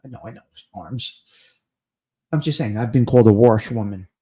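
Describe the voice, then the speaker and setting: Male live-stream host, New Jersey accent, warm mellow tone, chatty and repetitive. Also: on the low side, moderate pace. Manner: chatty, repeats phrases for emphasis. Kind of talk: casual live-stream chat.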